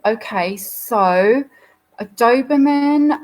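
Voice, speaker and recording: A woman's voice: medium pitch, moderate pace, rough recording. A woman hosting a live Q&A, talking through viewer photos in a chatty, explanatory way with frequent fillers. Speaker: dog behaviourist host.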